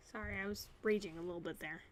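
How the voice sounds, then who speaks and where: A young woman streaming live, chatting to herself as she works, frustrated with her software. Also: mid-range voice, wildly swooping pitch, a little fast, slight background noise. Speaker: art streamer.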